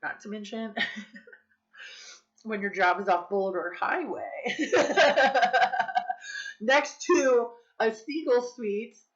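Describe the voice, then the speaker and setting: A woman's voice: medium pitch, slow pace, dull audio. A woman vlogging in a candid, casual confessional chat, swearing freely and saying "like" and "dude" a lot. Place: Las Vegas.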